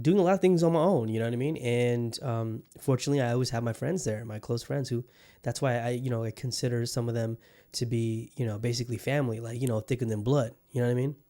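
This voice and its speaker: A man's voice: mid-range voice, darkish tone. A man hosting a solo podcast in a casual monologue, rambling and restarting his sentences often, loose, joking and profane. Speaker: podcast host.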